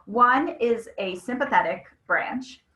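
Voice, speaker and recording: A woman in her thirties presents a mental health webinar in a fairly high voice at a slow pace, and the rough recording has a lot of reverb. She speaks conversationally and animatedly, telling stories, turning often to her audience with asides and a frequent "right?"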